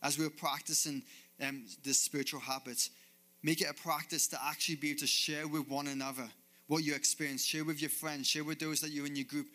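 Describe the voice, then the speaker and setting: Man, pastor, sermon, bright forceful tone, earnest repeated phrases. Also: fairly high pitch, level tone, fairly quick. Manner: earnest, repetitive preaching cadence. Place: church stage with a band.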